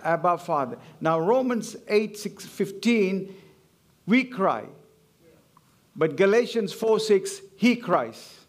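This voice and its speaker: A man with a high-pitched voice preaches a sermon. He talks in emphatic, repeating phrases and calls on the congregation to answer him. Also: expressive, slow pace. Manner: emphatic, repetitive call-and-response preaching.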